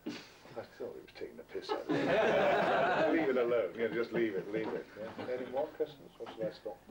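A man's voice: mid-range voice, lively intonation, brisk, over a noisy crowd. A man in his sixties, a guest actor, telling wry, self-mocking anecdotes to fans in a theatrical way. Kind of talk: anecdotal storytelling. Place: small packed venue, indoors. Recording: distant amateur recording with faint hiss.

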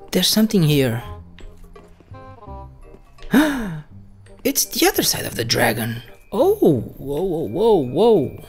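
This woman has a deep voice and narrates her gameplay with excitable energy. Surprises make her shriek, curses fly freely, and she addresses the on-screen enemies directly.

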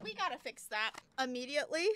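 A woman's voice: high voice, big pitch swings, fast, sharp tone, slight background noise. A young woman streaming casually, chatty and giggly as she talks to her chat, a little out of breath. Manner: giggly and chatty, talking to chat while changing onesies.

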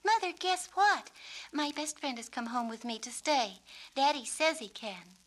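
An excited little girl pipes up in a high, bright storybook voice, bubbly and full of pleading eagerness, as a woman reading the tale puts her on. She sounds imaginative and quick to plead. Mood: eager.

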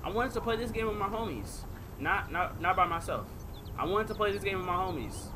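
A man's voice: sits high, expressive, brisk, background noise. A man doing horror game commentary as a gaming video creator, jumpy and talking to viewers, yelping and swearing at the scares.

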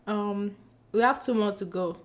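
A woman chatting excitedly to her camera as a book vlogger, bubbly and giggly, gushing as she goes. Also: medium pitch, a little slow. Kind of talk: excited casual vlog chat. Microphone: compact camera mic.

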